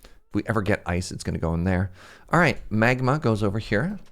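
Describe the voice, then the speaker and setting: A young Canadian man streams a game, chatting casually, rambling, and often laughing at himself. His fairly low voice is expressive and a bit bright, and he talks a little fast.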